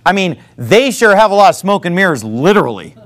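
A man preaching a sermon, talking in an animated way and sometimes mocking other preachers. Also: high voice, fairly quick. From not from the American South.

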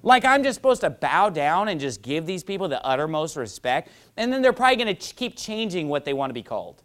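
Guy preaching a sermon, pitch jumping all over, gets louder and more fired up as he goes. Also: very animated, fast talker. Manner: emphatic, mocking preaching with rising fervor. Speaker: pastor.

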